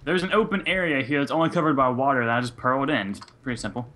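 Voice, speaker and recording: A young man playing a multiplayer game with friends, excitable and playfully complaining. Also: medium pitch, very fast. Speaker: co-player. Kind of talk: casual gaming chat.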